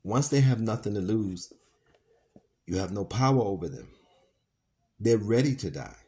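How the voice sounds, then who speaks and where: A man reading a novel aloud and adding his own commentary, with fillers, pauses and self-corrections. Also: fairly low pitch, lively intonation, warm tone. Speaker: podcast reader and commentator.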